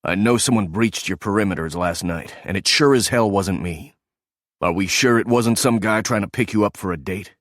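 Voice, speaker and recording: A bitter, sarcastic male ex-agent, voiced by a man, low and accusing. The sound is close and dry. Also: normal speed, no echo, natural voice.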